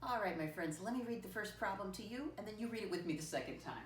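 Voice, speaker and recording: Lady teacher walking little kids thru math, slow and patient, sounds far off in a boomy room. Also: animated, slight background noise. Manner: patient call-and-response teaching, slowly spelling out words letter by letter; keeps addressing children as "my friends". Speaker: first grade teacher. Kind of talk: classroom math lesson for young children. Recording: echoey room, voice from a distance.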